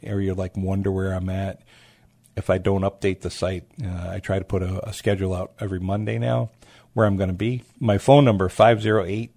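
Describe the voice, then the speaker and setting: A man, a food truck owner telling stories as a guest in a casual interview, animated and acting out the people he quotes. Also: on the low side, gravelly, no echo. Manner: animated, acts out quoted voices.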